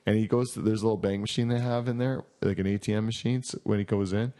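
A man's voice: lowish voice, steady tone, fast talker, dark tone. A man, a podcast co-host from Canada, telling rambling stories in casual chat with lots of laughter and filler words. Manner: rambling storyteller, laughs often, many fillers.

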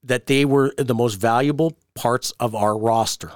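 A man on a wrestling podcast tells a long backstage story, switching into high, excited voices whenever he quotes someone. He speaks at a middle pitch. His voice is close on the mic, with almost no room sound. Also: measured pace, no room sound. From Canada. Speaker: podcast host, wrestling promoter. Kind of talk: casual storytelling chat.

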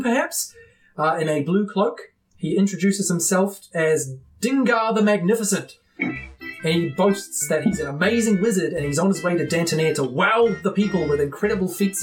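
A woman's voice: on the low side, darkish tone. A woman narrating as game master, chatty and hesitant with fillers.

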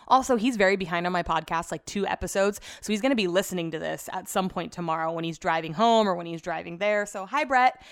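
Casting note: young woman, podcast host, gabby and exasperated, mid-range voice. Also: mid-range voice. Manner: chatty, exasperated storytelling with swearing; laughs at herself mid-story. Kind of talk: casual chat.

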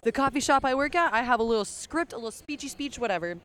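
A woman's voice: on the high side, lively intonation, fast talker, a bit bright, smooth. A young woman co-hosting a podcast in a restaurant, chatting casually with a jokey, self-mocking manner. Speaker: podcast co-host. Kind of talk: casual chat.

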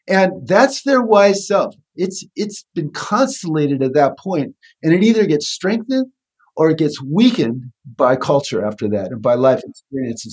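A man talks through his ideas in an easy conversation, and his voice is somewhat husky and sits a little high. He circles back and restarts phrases as he thinks. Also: darkish tone. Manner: thoughtful, with frequent restarts. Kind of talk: conversational explanation.

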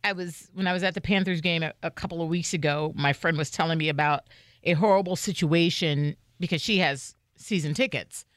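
A woman co-hosting a podcast in casual chat, telling stories in an animated way. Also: brisk, no echo, studio quality. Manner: animated storyteller, pitch swings widely. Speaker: podcast co-host.

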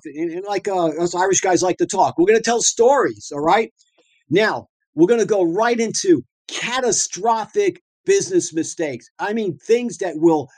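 A middle-aged man from the northeastern US talks as a dentist guest, telling stories in a loose, colloquial way full of fillers and restarts. His voice sits a little high for a man and sounds close and dry, with no room echo. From northeastern United States. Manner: lively storyteller, colloquial, frequent fillers and restarts. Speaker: dentist and practice owner guest. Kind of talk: anecdotal storytelling talk.

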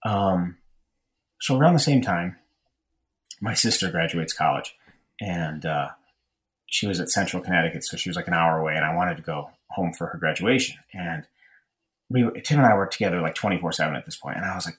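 In a casual chat, a young podcast storyteller with a low, brisk, fairly bright voice tells a long personal story. He rambles and is self-deprecating, with lots of fillers and restarts.

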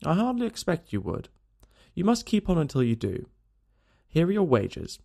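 A man reading an audiobook, voicing a grave, measured male consulting detective. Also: on the high side, huge pitch swings, creaky, mellow, voice pushed up, heavily acted. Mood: commanding. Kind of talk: audiobook character voice.

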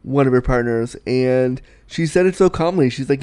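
Young male podcast host, mid-pitched and smooth, frank and giggly in a candid advice chat. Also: normal speed. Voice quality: frank, animated, self-deprecating, giggly.

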